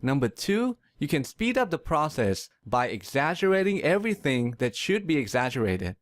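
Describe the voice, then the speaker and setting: A man giving a scripted pronunciation lesson, explaining in a clear, measured way and leaning on words for emphasis. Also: on the high side, big pitch swings, no room sound, clean studio sound. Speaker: pronunciation teacher.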